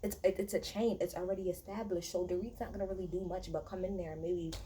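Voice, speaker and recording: A woman's voice: fairly low pitch, fairly even intonation, quick pace, warm tone, a little hiss or hum, poor audio. A woman giving a casual, blunt and profane recap of a reality TV episode, talking in a chatty way with many fillers and restarts. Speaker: reality TV reviewer.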